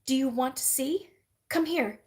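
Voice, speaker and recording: A woman's voice: high voice, unhurried. A woman doing a sassy little girl. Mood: pert. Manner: pert, eager.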